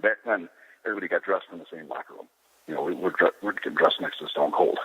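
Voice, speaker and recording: A man's voice: low voice, quick pace, sharp tone, slightly rough, poor audio. A man bluntly telling his side of a wrestling story in casual talk. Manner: blunt, defensive. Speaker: pro wrestler.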